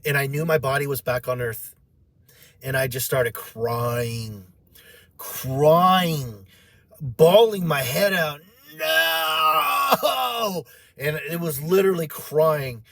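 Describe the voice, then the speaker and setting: A man telling an emotional personal story, animated and repetitive, acting out the voices of others as he goes. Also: medium pitch, slow. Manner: emotional, repeats himself.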